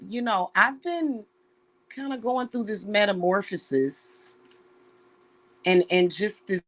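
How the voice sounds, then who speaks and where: A woman who works as a witch and reader, talking casually and with feeling to her viewers, calling them y'all. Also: mid-range voice. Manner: slow, heartfelt, emotional, addresses viewers as y'all. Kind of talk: casual spiritual talk to viewers.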